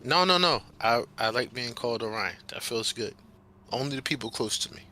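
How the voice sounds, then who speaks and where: A man's voice: mid-range voice, expressive, fairly quick, pushed and bright. A man playing a tabletop game, casually chatting and protesting with a laugh. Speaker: player.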